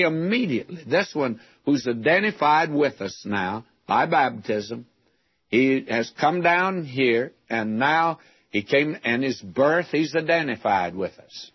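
A man's voice: mid-range voice, breathy edge, dry recording, dull audio. An older man from West Texas preaching a radio sermon, teaching from the Bible in a folksy storytelling way with rhetorical questions.

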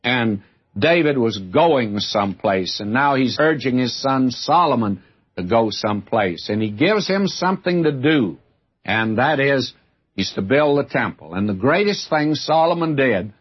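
A man's voice: mid-range voice, lively intonation, unhurried, husky, lo-fi sound. A man teaching through a book of the Bible in a folksy, earnest sermon, speaking directly to his listeners.

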